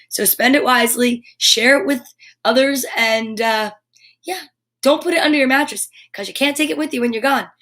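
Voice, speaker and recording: Bubbly high-voiced woman streaming live. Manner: bubbly, animated, talks straight to viewers. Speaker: host of a live storytime show. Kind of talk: casual live-stream chat with viewers.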